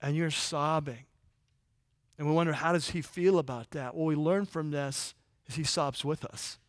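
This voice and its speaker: A male pastor preaching a conversational sermon, asking the congregation rhetorical questions and dropping to a soft, low voice in tender moments. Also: steady tone, normal speed, no room sound, studio quality.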